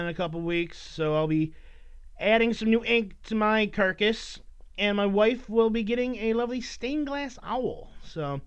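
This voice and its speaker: High-voiced, profane man hosting a podcast. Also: clean tone. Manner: rambling, profane, mock-scolding his listeners. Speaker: podcast host. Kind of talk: casual solo podcast monologue. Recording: dull lo-fi recording.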